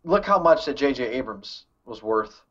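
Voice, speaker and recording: A man's voice: mid-range voice, lively intonation, normal speed, a bit bright, highs cut off. A man co-hosting a casual movie podcast, thinking aloud with hesitant restarts. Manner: thoughtful, hesitant, many restarts. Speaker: podcast co-host. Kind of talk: casual movie news chat.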